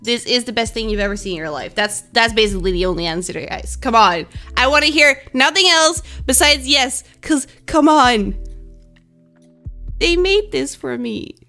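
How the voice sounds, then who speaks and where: A woman's voice: fairly high pitch, moderate pace, hardly any pauses, sharp tone, faint music behind. A young woman streamer chatting casually and giggling with her viewers during a live stream. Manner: bubbly, giggly, chats with viewers.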